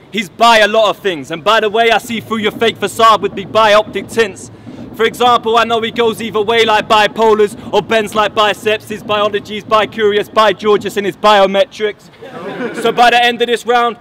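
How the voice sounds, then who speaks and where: A man's voice: high-pitched, sharp tone, slight background noise. A man from England delivering mocking, boastful battle rap punchlines outdoors. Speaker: battle rapper. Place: outdoors at a battle event under a bridge.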